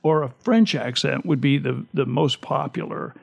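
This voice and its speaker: A man's voice: medium pitch, moderate pace, gravelly, breathy edge. A man co-hosting a talk show, chatting casually and reading out survey figures with an amused tone. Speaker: radio talk show co-host.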